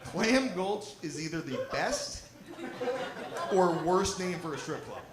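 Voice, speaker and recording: A man's voice: expressive, slow pace. A man doing a stand-up set on stage with a handheld mic, brash and crowd-teasing, swearing freely. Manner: brash, crowd-teasing, swearing, puts on drunk and squeaky voices. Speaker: stand-up comedian. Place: lodge venue with live audience. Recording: roomy live venue with crowd. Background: audience laughing.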